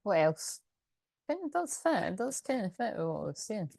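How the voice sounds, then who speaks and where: A woman's voice: mid-range voice, sing-song, normal speed, creaky, darkish tone, no echo. A woman doing a casual, chatty tarot reading, often laughing as she reads card messages aloud. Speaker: tarot reader.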